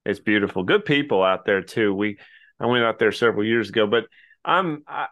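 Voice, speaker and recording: A man hosting a podcast interview, asking questions in a relaxed, conversational way. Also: lowish voice, a little fast, highs cut off. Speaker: podcast host.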